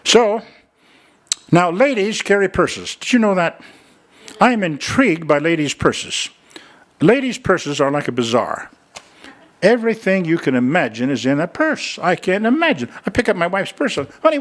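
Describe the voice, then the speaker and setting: A man's voice: high-pitched, big pitch swings, normal speed. An older man preaching a sermon in a church, telling folksy stories and chatting with the congregation as he makes a fundraising appeal. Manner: folksy storytelling, chatty asides.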